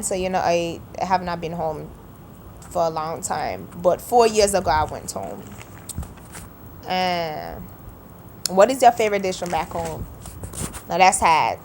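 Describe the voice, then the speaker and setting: A woman's voice: lowish voice, darkish tone, a little hiss or hum. A woman from Saint Kitts with a Kittitian accent, chatting casually to the camera in an accent tag video. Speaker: vlogger.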